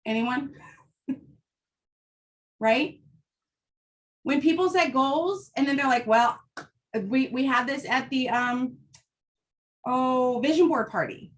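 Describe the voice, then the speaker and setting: A high-pitched woman talks casually and with real fire, driving home her points bluntly. She keeps asking "right?" to pull her listeners along. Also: slow, pauses often. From United States. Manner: fired-up, blunt, emphatic with frequent "right?". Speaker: host. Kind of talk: casual motivational talk.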